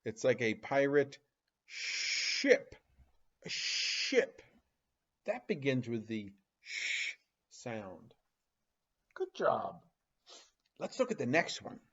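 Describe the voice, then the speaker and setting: Guiding young children through phonics, a male teacher with a husky voice talks very slowly, using big, animated pitch swings and exaggerated sounds. He draws out every sound and asks playful questions about pictures, and the lo-fi recording sounds slightly dull.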